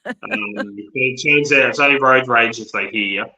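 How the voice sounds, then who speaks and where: Aussie guy chatting, blunt and sweary, bright voice, roomy echoey sound. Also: medium pitch, normal speed. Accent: Australian. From Australia. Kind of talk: casual chat.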